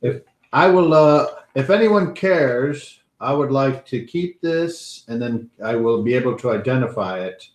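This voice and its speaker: A man playing a tabletop game, chatting casually with animated, jokey, sometimes hesitant talk. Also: medium pitch, unhurried. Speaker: player. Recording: echoey room with noise.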